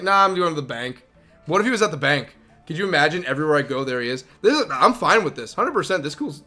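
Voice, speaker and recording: A man streaming a game live, chatting excitedly, laughing often and talking to his dog. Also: fairly high pitch.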